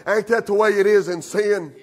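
High-voiced pastor preaching. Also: male voice, fairly even intonation, moderate pace. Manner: fervent preaching, calls out congregants by name; drawling with frequent "uh" and "amen". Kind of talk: sermon. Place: church sanctuary.

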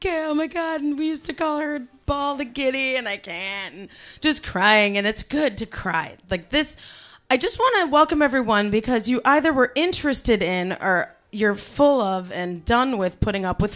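A woman's voice: a little high, moderate pace. A woman from Ohio with a Cleveland accent, telling a comic personal story on stage and acting out the quotes. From Ohio, USA. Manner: animated, comic, acts out quotes. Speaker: storyteller guest. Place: club stage before audience.

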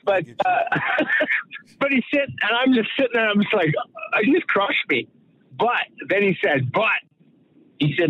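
Middle-aged man from Saskatoon, rambling storyteller with a slightly high voice, dry, tinny phone-line sound. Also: lively intonation, moderate pace, breathy edge, dry recording. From Saskatoon, Canada. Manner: rambling, full of fillers and restarts, acts out quoted voices. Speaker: guest, former pro hockey enforcer. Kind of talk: casual storytelling interview.

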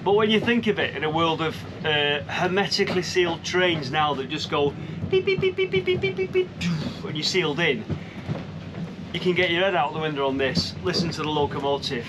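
A man's voice: on the high side, a little fast, noisy background. A man from Manchester, chatting enthusiastically through a casual travel vlog. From Manchester, England. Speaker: vlogger.

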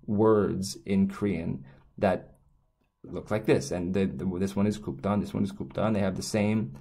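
A man's voice: low voice, fairly even intonation, moderate pace, vocal fry, mellow. A man explaining Korean signs in a casual lesson, rambling and restarting often as he drifts onto tangents. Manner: rambling, self-correcting, frequent restarts and tangents. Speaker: Korean language teacher.

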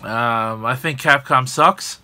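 A man's voice: mid-range voice, takes it slowly, bright, forceful tone. Rambling man hosting a gaming podcast. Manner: rambling, filler-heavy, joking. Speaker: podcast host. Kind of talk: casual gaming news chat.

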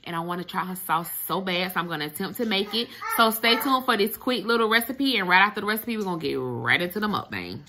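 A woman's voice: medium pitch, expressive, fast, hardly any pauses, heavy background noise. A woman hosting her own cooking vlog, chatting casually and talking through each step as she cooks in a home kitchen. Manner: chatty, walks through steps aloud.

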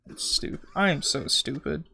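A man's voice: fairly high pitch, a little slow, vocal fry. A man giving casual, profane, joking commentary while playing a video game, talking to himself as he goes. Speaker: gamer. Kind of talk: casual let's-play commentary.

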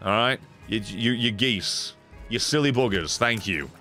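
A British man streaming a game live, swearing freely, excitable, and effusively thanking his viewers. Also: fairly low pitch, measured pace, soft background music. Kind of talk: live gaming stream commentary.

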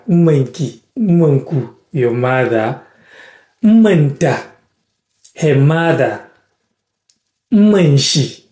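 A man from Ghana teaching words in a casual live-stream lesson, repeating each word slowly and thanking viewers by name. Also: a little high, mellow, echoey room.

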